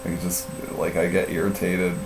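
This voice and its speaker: Through a distant, roomy mic with a faint mains hum, a middle-aged man tells a story in casual live-stream chat. His deep voice is monotone and moves at normal speed, and he rambles and swears, with many fillers and laughs at himself.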